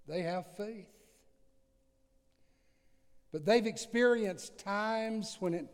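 A man preaching a sermon, slow and earnest, with dramatic swings from soft to loud. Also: high-pitched. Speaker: pastor. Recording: long hall reverb.

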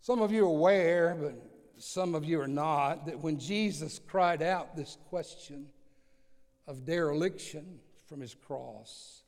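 Pastor, male, slightly high voice, slow deliberate sermon delivery, long hall echo. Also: darkish tone. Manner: slow, earnest preaching with dramatic swings in volume.

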